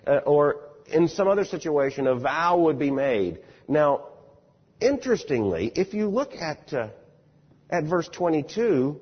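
A man preaches an expository sermon in a conversational, storytelling manner, often repeating words as he begins a phrase. His voice is fairly high with big swings in pitch, a little slow and slightly rough. The recording sounds dull, captured in a large hall with lots of reverb.

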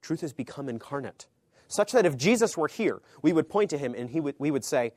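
A man teaching a sermon in a conversational way, swinging between emphatic, loud phrases and hushed, low asides, often checking in with his listeners. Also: lively intonation, a little fast, dry recording. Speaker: pastor or Bible teacher.

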